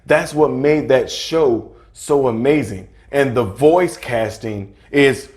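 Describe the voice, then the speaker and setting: A man in his thirties with a voice of ordinary, middling pitch, talking loosely on a podcast over drinks. He rambles, trips over his own sentences and stops to hunt for the right word. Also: slow pace, a little mellow. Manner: rambling, restarts often, searches for words. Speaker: podcast co-host. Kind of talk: casual chat over drinks.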